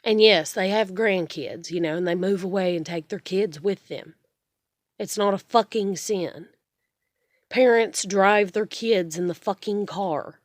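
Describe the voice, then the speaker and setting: A woman's voice: medium pitch, measured pace, dry recording. Woman in her thirties ranting, dry close sound, profane and exasperated. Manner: swearing, repetitive, exasperated. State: upset and stressed. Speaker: single parent venting. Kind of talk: angry personal rant to camera.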